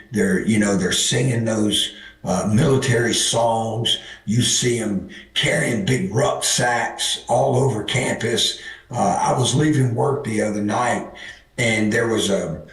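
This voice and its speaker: Guest coach, man, hoarse from the season, rambling with lots of ums, sits back from the mic. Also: fairly low pitch, distant mic. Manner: rambling, many fillers. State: hoarse, losing his voice. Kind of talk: casual interview chat. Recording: roomy sound from off the mic.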